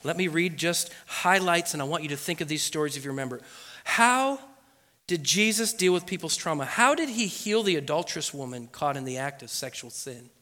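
A man's voice: a little high, expressive, a little fast, bright, forceful tone. A man preaching a sermon as pastor in a church, building with emphatic repetition. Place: church sanctuary. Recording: echoey hall with long reverb.

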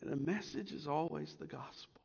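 Man, pastor, sermon, high voice, loud emphasis and hushed asides, muffled sound. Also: normal speed, creaky, breathy edge, big-room sound. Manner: expressive preaching, swinging between loud emphasis and hushed asides.

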